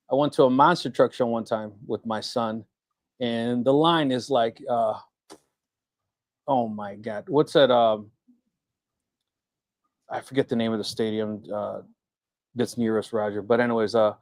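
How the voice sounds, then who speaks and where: Recorded close and dry with no room sound at all, a middle-aged man with a medium-pitched voice co-hosts a casual live Q&A for makers. He's a chatty storyteller who performs the voices of anyone he quotes in this easygoing hobbyist livestream.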